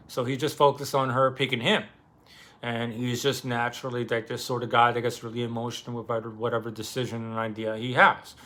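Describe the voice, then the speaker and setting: Casual male book vlogger, mid pitch, bright and forceful, loose and profane. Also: a little fast. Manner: loose and animated, many fillers and swearing. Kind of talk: casual retelling of a novel.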